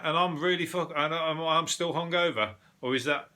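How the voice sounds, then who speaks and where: An English man hosts a solo comedy podcast, his voice bright and forward. He talks in a dry, deadpan ramble, swearing often and stumbling over his words as he goes. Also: on the high side, moderate pace. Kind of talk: solo topical comedy rant.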